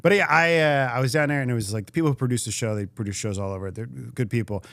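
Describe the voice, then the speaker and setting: A man telling a story as a guest comedian in a casual podcast chat, animated and profane. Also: medium pitch, quick pace, gravelly, dry recording, studio quality.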